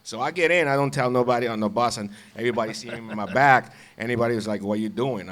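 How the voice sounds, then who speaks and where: Laid-back low-voiced man telling stories. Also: quick pace, few pauses. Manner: laughs often, relaxed, repeats words. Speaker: guest, former baseball player. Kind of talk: casual storytelling.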